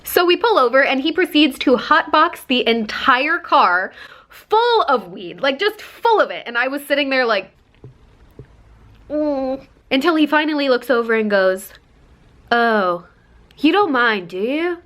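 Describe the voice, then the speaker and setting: A woman's voice: high voice, animated, normal speed, bright, forceful tone. A young woman in her twenties telling a chatty storytime, full of likes and quoting people in put-on voices. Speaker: lifestyle vlogger. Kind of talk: casual storytime.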